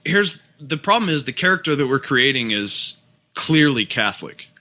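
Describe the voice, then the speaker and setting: A man co-hosting a podcast in a casual chat, animated and quick to laugh. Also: medium pitch. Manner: animated, quick to laugh, talks over others. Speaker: podcast co-host.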